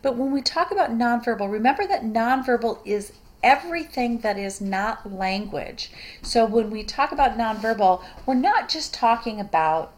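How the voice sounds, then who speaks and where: A middle-aged woman gives a recorded lecture on communication. She speaks informally to her students and often stops to restart a phrase or add a filler. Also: mid-range voice. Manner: conversational, many fillers and restarts. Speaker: communication instructor.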